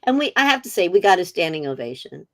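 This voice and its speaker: A middle-aged woman chatting as a guest on a video call, spinning funny anecdotes and laughing as she goes. Her voice sits a little low but swings up high when she gets excited. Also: fast talker. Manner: animated storyteller, laughing often. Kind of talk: casual interview chat.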